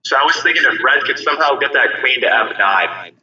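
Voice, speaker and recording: A man's voice: medium pitch, expressive, a little fast, roomy sound, recorded from a distance, muffled recording, a loud crowd. A man talking through chess moves in a casual online chat. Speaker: player being interviewed.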